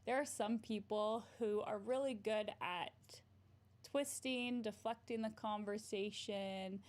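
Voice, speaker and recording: A woman's voice: medium pitch, fairly even intonation, slow pace, a little mellow. A young adult woman, a therapist, giving casual advice on a livestream, often ending points with "right?" and laughing. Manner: frequent "right?" tag questions, laughs often.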